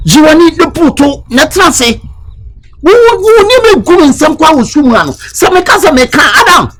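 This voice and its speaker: A man acting in a comedy sketch, scolding loudly and switching between English and Twi. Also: very high-pitched, sing-song, a little fast. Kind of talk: scripted comedy skit.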